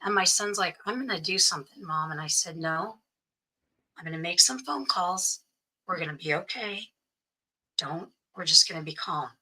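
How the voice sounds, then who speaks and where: Bright-voiced woman telling a personal story. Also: fairly low pitch, moderate pace, rough recording. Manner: acts out quoted voices, often drops to hushed tones. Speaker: interview guest.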